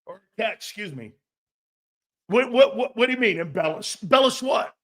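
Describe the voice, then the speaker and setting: A middle-aged man hosts a sports talk show with a fairly high voice. He talks bluntly and swears freely. He rants, reads out comments and mocks others. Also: lively intonation, moderate pace. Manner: blunt, profane, mocking put-on voices.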